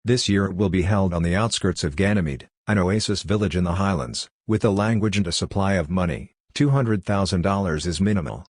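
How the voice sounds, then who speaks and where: A man's voice: low voice, fairly quick, few pauses, dry recording, clean studio sound. A man reading the lines of a young male doctor who lectures in a matter-of-fact way. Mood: lecturing.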